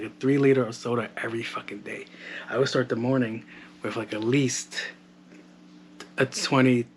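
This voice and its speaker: A man's voice: mid-range voice, slight background noise. A man in his thirties hosting a podcast, telling his own story in a blunt, profane, casual way and acting out the dialogue. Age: 30s. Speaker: podcast host. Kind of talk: casual monologue.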